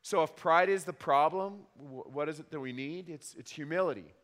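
A man in his thirties preaching a sermon as a pastor, telling wry stories about his children with animated, emphatic repetition. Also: a little high, moderate pace. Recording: long hall reverb.

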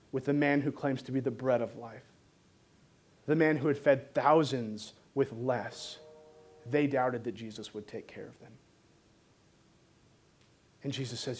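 A man preaching a sermon, reading scripture and explaining it in an animated, joking style. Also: medium pitch.

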